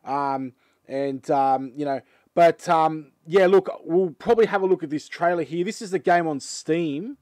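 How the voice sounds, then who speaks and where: An Australian man hosting his gaming channel, chatting casually with lots of fillers and excited outbursts. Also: on the high side, unhurried, no room sound. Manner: rambling, filler-heavy and excitable. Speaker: channel host. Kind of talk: casual chat reacting to a game trailer.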